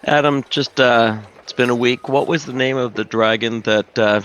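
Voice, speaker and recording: A man's voice: medium pitch, fairly even intonation, moderate pace, fairly bright tone, smooth. A man playing in a tabletop game, who speaks hesitantly and often trails off. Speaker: player. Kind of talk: casual chat. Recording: muffled, noisy home recording.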